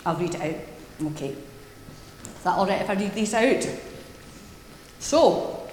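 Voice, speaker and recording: A woman minister leading a prayer and giving a playful, animated children's talk in a church service. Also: mid-range voice, slow pace, slight background noise. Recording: echoey church hall with long reverb.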